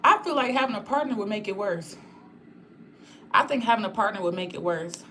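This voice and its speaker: Her bright, forceful, medium-pitched voice has lively intonation and moves a little fast over slight background noise. She's a young channel host on a casual live stream, reading live chat and addressing viewers directly in a candid, rambling way while swearing freely.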